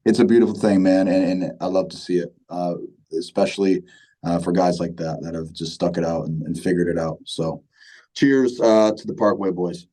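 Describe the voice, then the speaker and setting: Brief: a laid-back male musician in his thirties, very deep and warm voice, rambling casual interview chat. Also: steady tone, normal speed, rough recording. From Michigan, USA. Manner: laid-back, many fillers and repeats, says "man" often. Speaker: band vocalist, guest.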